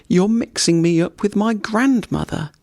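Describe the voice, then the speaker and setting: A man's voice: high voice, unhurried, a little mellow, dry recording, voice pushed up. A man putting on a fussy little storybook squirrel with a raised, chattering voice. It fusses and scolds in a busy, bustling way, heard close and dry. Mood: friendly.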